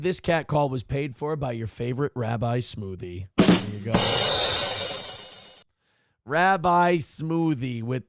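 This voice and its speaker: A man hosts a live show and reads viewer messages out loud. His voice sits a little high and has a gravelly edge. He lifts for each message and sinks into low, deadpan comments after it, all heard close and dry with no room sound. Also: dry recording. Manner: reads messages in a raised voice, then drops into low wry asides. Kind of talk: casual live-stream chat.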